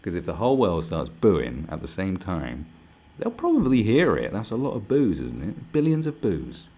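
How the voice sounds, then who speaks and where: A man's voice: low-pitched, wildly swooping pitch, moderate pace, warm tone, breathy edge. A man hosting a livestream, ranting sarcastically with lots of swearing. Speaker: livestream host. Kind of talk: livestream rant.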